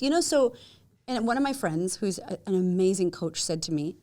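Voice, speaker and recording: A woman talking as a guest in a casual podcast conversation. She tells her stories with energy, acts out what people said by jumping up in pitch, laughs often, and swears casually. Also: quick pace. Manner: animated storyteller who acts out quotes with big jumps up in pitch.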